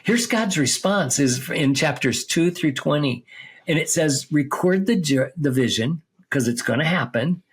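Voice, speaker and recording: Husky man teaching scripture conversationally. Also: on the high side, lively intonation, measured pace. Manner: explains step by step, reads scripture aloud, checks with "okay?" and "right?". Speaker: seminary teacher on a podcast.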